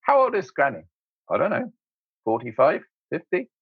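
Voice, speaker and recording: A man, an interview guest, telling anecdotes in an animated way, laughing often and acting out voices. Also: on the high side, moderate pace, slightly rough, no room sound, phone-quality sound. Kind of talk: anecdotal storytelling.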